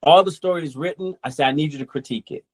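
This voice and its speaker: A man's voice: fairly high pitch, fast talker. Rambling comic creator, a man. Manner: relaxed, rambling, quotes people in asides. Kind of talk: casual interview chat.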